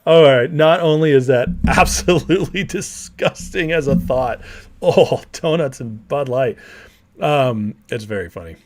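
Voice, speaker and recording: A man's voice: medium pitch, measured pace. Male livestream host, blunt and combative, mid-range voice, casual live political commentary while reading chat.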